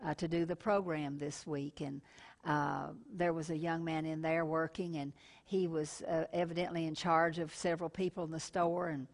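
A woman's voice: low voice, level tone, normal speed. A middle-aged woman preaching a televised sermon in a folksy way, calling listeners honey and telling personal stories.

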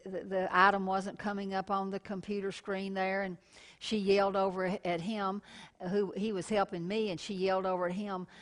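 A middle-aged woman preaching on television in a folksy, homey way. She calls her listeners honey and slows down to lean into scripture. Her pitch sits in an ordinary middle range. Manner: folksy and warm, calls listeners honey, tells personal stories. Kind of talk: sermon.

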